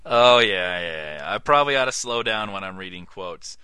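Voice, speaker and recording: Male co-host, animated and bright, quick talker. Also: deep voice, smooth, no room sound. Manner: fast-talking, laughs often. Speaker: podcast co-host. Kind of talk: casual comedic chat.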